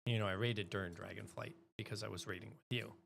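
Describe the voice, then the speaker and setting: A middle-aged woman streaming live, chatting casually and breaking into loud exclamations. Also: rumbling low, fairly even intonation, fast, creaky, slight background noise.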